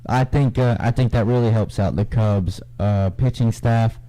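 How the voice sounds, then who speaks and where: Relaxed young man reading baseball standings. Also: lowish voice, moderate pace, poor audio. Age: young adult. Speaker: sports talk co-host. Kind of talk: casual radio sports talk.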